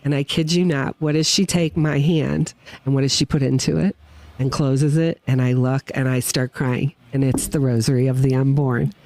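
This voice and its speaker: A woman with a rumbling low voice speaks at normal speed over slight background noise. She's a guest witness on a podcast recorded at a winery, telling a personal story with feeling. An animated, emotional storyteller, she acts out what people said.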